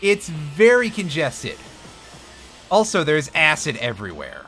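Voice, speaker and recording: A man's voice: a little high, wildly swooping pitch, measured pace, fairly bright tone. A man streaming a video game live, giving wry, self-mocking commentary and talking to his chat as he plays. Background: faint game music.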